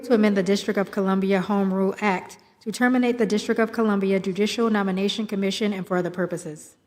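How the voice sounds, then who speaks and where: A woman reading bill titles aloud as clerk, quickly and flatly. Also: medium pitch. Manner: rapid, flat reading. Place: large legislative chamber. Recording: long reverb of a large chamber.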